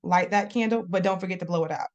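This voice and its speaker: A young adult woman talks as a guest on a podcast in a relaxed, conversational way. Her voice sits a little low, and she is expressive and laughs easily. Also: fast talker, dull audio. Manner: chatty and expressive, laughs often. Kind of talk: casual interview chat.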